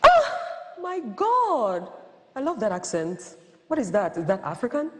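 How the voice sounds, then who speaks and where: A woman voicing a naive, nosy young woman who gushes and fires off over-excited questions. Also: a little high, measured pace, in a large hall, pitched above the performer's own voice, heavily acted. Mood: gushing.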